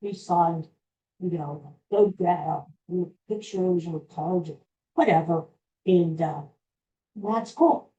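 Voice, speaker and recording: Man, unhurried and halting, recounts a memory with many restarts; soft, dark tone. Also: a little high, lo-fi sound. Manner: rambling, halting retelling with restarts. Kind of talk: personal storytelling.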